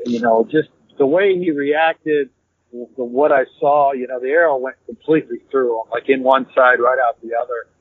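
A man, a hunter and podcast guest, telling a story in a rambling, animated way and repeating "I said" as he acts out the dialogue. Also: medium pitch, no echo. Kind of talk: casual storytelling. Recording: tinny phone-like, dry.

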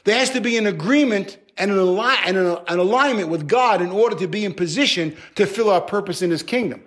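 A male pastor preaching a sermon in an animated, conversational way, with playful acted asides. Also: sits high, fast.

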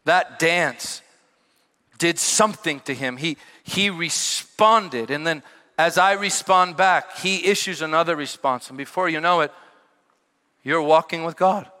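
A middle-aged male pastor preaching a sermon, telling stories with sudden shouted peaks and quieter asides. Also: on the high side, a little slow. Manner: animated storytelling with shouted peaks and dropped asides. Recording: long hall reverb.

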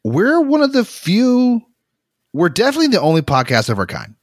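An animated man tells work stories on a casual podcast, acting out what people said and breaking into loud laughs. His pitch swings widely as he talks. The recording is dry and close, with no room sound. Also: moderate pace, no echo. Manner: animated storyteller, laughs loudly, acts out quotes. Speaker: podcast co-host, X-ray tech.

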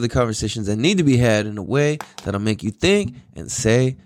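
A man's voice: mid-range voice, lively intonation, normal speed, few pauses, dry recording. A tired young man hosting his own podcast, rambling in a laid-back way with lots of swearing, fillers and laughs. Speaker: podcast host. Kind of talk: casual solo podcast monologue.

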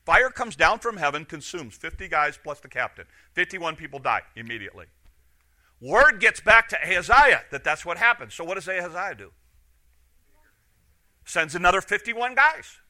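Middle-aged guy preaching, animated storyteller, higher voice, really bright and sharp. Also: moderate pace. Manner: animated, acts out quoted lines. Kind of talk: sermon storytelling.

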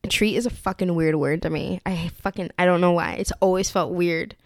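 A woman's voice: on the low side, a little fast, no echo, clean studio sound. A young woman co-hosting a casual podcast chat, laughing often, swearing freely and teasing her co-host. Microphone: studio mic.

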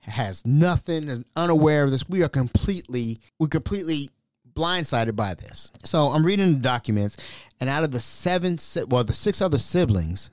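Male podcast host, casual storyteller, expressive swooping pitch, exasperated, dry close mic. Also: moderate pace, no echo. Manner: animated, exasperated retelling.

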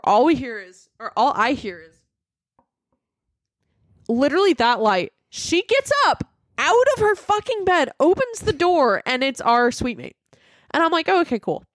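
A young woman co-hosting a podcast, telling a story in casual chat, animated and profane, acting out quotes. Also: sits high, no echo, clean studio sound. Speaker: podcast co-host.

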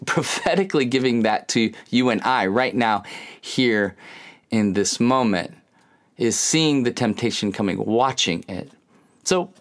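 A man preaching a sermon in a conversational, humorous way, acting out quick bits of dialogue. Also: mid-range voice. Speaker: pastor.

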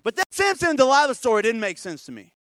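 High-voiced, lively joking preacher. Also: male voice, quick pace, dry recording, clean studio sound. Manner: animated, joking, swings between loud and hushed. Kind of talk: comedic storytelling sermon.

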